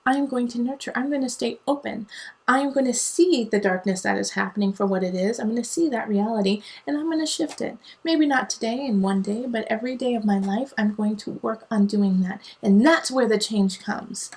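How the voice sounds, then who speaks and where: A woman's voice: on the high side, fairly quick, darkish tone. A woman giving a casual tarot reading, talking in an earnest, digressive way that mixes encouragement with tough love. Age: adult parent. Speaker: tarot reader.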